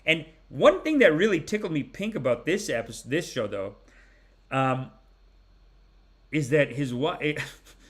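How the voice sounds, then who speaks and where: A man in his forties hosting a podcast, giving rambling, animated, mock-preachy comic commentary. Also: fairly high pitch, measured pace, long pauses. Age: 40s. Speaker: podcast host. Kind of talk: comedic commentary.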